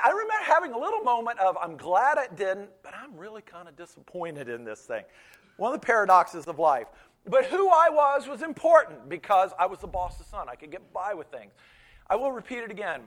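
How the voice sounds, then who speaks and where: A man who is a pastor, preaching a sermon in a storytelling way that swings between loud bursts and quiet asides. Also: sits high.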